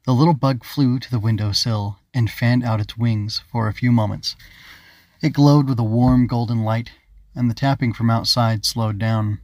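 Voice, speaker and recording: A man reading his own children's audiobook in a calm, even narrating voice at a middle pitch. The recording is close and dry, with no room sound. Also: no echo. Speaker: author and narrator.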